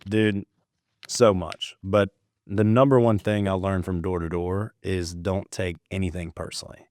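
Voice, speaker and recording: Low-voiced man telling a story. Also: little pitch movement, measured pace, a little mellow, no echo. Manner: laid-back storyteller, calls people dude, swears casually. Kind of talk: casual podcast conversation.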